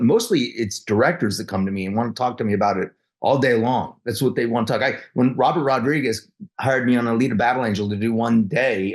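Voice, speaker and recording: A middle-aged man, a guest actor in a casual interview, telling animated stories while stumbling and repeating words. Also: medium pitch. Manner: halting, restarts and repeats words often.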